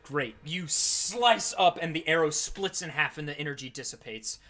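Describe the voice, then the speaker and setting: A man narrating a tabletop game as game master, rapid and animated with many fillers. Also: fairly high pitch, faint music behind.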